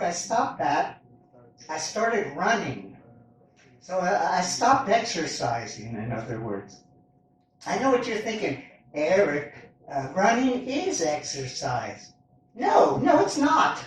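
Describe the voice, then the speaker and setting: A man doing a stand-up comedy set on a club stage, with a halting, meandering delivery and lively pitch swings. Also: a little hiss or hum. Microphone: far camera in the audience. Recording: echoey club recorded from far off. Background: audience laughter.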